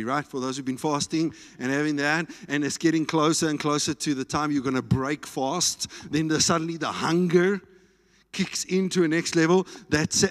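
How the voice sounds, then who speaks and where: A man with a South African accent preaching a sermon in a church, animated and playful. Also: on the high side. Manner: animated, playful preaching with food talk and shouts. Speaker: pastor. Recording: reverberant church hall.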